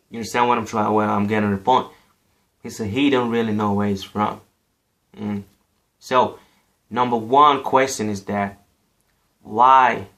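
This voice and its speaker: A man's voice: on the low side, a bit bright. A man from Africa giving a casual, emphatic opinion monologue, repeating himself and saying "you know" often. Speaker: vlogger.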